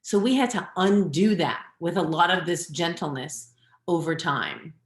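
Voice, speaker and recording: A middle-aged woman coach talks parents through advice in an earnest, advising way. Her voice sits fairly low. The webinar mic picks up an echoey room around her. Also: expressive. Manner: earnest, advising, shifting between quick and slow deliberate delivery. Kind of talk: webinar talk.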